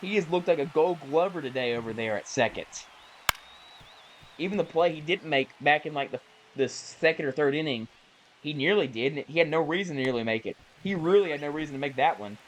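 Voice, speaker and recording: A man casually calling the plays of a baseball video game he is playing, chatty and self-correcting, with bursts of excitement on big plays. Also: on the high side, brisk, a little hiss or hum, low-quality recording. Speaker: gaming YouTuber. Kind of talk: casual play-by-play while gaming.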